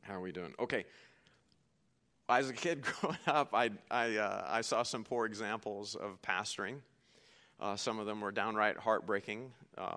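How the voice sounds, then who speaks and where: Joking, bright-voiced male preacher. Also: fairly low pitch. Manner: folksy, joking, emphatic. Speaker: pastor. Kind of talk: sermon.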